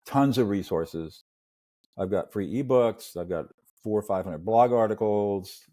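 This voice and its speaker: An older man, a mediator and podcast guest, telling stories in an earnest, animated way and acting out little scenes. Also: lowish voice, a little slow. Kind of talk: storytelling interview talk.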